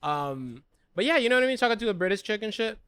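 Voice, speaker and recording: A man's voice: extremely high pitch, racing, sharp tone, smooth, no echo. A man who is a comedian co-hosting a casual comedy podcast, telling crude jokes and acting out the people he quotes. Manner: crude joking storyteller, acts out quotes.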